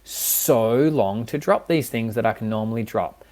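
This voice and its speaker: A man's voice: medium pitch, measured pace, darkish tone. A man speaking as a relationship coach and podcast guest, earnest and explanatory, often checking in with his listener. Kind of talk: casual podcast conversation.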